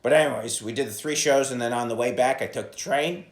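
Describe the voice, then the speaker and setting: A fast-talking man with a medium-pitched voice sounds reverberant as he delivers a solo podcast monologue. The stand-up comedian rambles, curses, and leaps into loud impressions, recording on a phone propped on a coffee cup.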